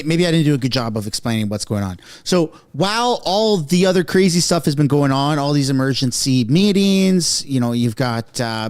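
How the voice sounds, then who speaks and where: A man's voice: fairly high pitch, clear, resonant tone, no echo. A man hosting a casual online commentary show, chatty and mocking, talking straight to his viewers. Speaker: political commentary host.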